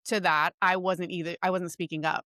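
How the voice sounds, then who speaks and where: A woman hosting a podcast interview, chatting in an animated, casual way and laughing as she talks. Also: fairly low pitch, a little fast, dry recording, clean studio sound. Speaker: podcast host.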